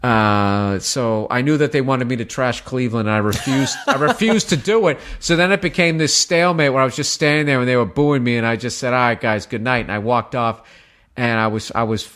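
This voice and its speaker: A man's voice: medium pitch, a little fast. A male comedian with a Boston accent telling a story on stage in a casual interview, swearing often and acting out crowd voices. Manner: animated, profane, acts out crowd voices. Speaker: guest comedian.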